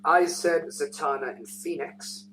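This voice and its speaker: A man's voice: fairly high pitch, a little slow, pushed and bright, roomy sound. A man hosting a casual podcast chat, moving through a list of topics and answering with short agreeing replies. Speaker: podcast host. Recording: distant mic with faint hum.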